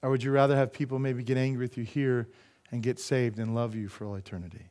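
A man's voice: medium pitch, level tone, fast talker, a little mellow. A middle-aged man preaching a sermon as pastor, emphatic and full of rhetorical questions to the congregation.

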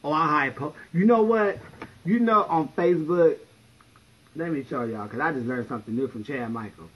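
Sassy, husky-voiced man telling stories. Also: fairly high pitch, normal speed, dull audio. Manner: sassy, blunt, profane, story-telling. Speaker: drag performer livestreaming. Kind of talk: casual livestream storytelling.

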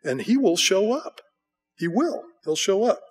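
Middle-aged American male pastor, sermon delivery, animated storyteller, slightly high voice. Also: a little slow, soft background music. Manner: animated storytelling, acting out voices with bleats and bursts of excitement.

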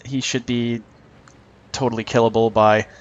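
A man's voice: medium pitch, level tone, moderate pace, highs cut off. A man giving casual, joking commentary over his own tank gameplay, mocking himself and chuckling often.

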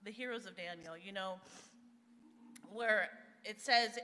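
A woman's voice: medium pitch, unhurried, long pauses, bright, forceful tone. An American woman, a guest speaker, telling her personal testimony in a church service, candid and emotional with frequent fillers. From USA. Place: church hall, live-streamed service. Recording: echoey church hall.

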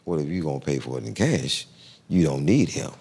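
A man voicing a calm, businesslike male car salesman who talks matter-of-factly. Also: very deep voice, fairly quick, creaky, slight background noise, pitched below the performer's own voice, full character voice.

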